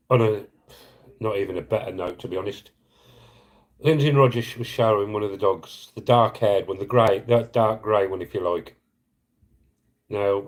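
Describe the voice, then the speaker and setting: A man talks on a live stream in a fairly low voice. He is earnest and emotional, rambling a little and apologising as he goes, and he breaks off to thank viewers by name in casual chat. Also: darkish tone, low-quality recording. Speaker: live streamer appealing for donations.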